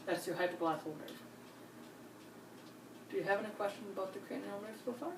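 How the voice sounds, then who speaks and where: Calm woman walking a patient through an exam. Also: mid-range voice, brisk. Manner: calm, step-by-step instructions with frequent reassurance. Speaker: nurse examiner. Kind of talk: clinical demonstration. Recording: roomy, distant mic, faint hiss.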